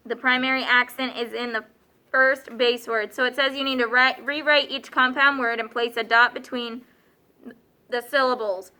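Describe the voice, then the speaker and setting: Bright high-voiced woman teacher. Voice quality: clear, patient, questioning students often. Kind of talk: classroom instruction.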